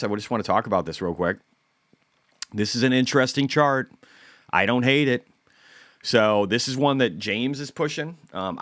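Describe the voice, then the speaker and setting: Low-voiced blunt male host, casual market talk, dry close sound. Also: no echo. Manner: blunt, profane, animated.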